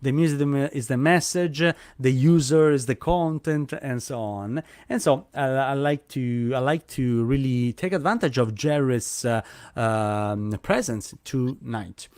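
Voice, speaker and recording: A man's voice: mid-range voice, measured pace, a little mellow, no room sound, studio quality. A man hosting a live online event over a video call, speaking English as a with frequent fillers and restarts. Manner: hesitant, many fillers and restarts. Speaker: host.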